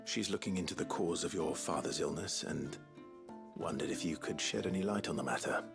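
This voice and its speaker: Serious young warrior, super deep voice, formal and calm, game music under it. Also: male voice, vocal fry. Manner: measured, formal speech. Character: grave young male warrior, resolute and calm. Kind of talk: video game dialogue. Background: game score music.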